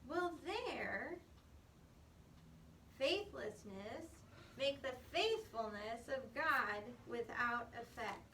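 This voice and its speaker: A woman leads a Bible class at an unhurried pace, explaining and stressing points with "um" and "okay". Her voice sits high and sounds crisp. She is picked up from across an echoey room, with faint room noise behind her. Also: expressive, bright, forceful tone. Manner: emphatic and explanatory, with frequent "um" and "okay". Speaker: Bible study teacher. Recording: echoey room recorded from far off.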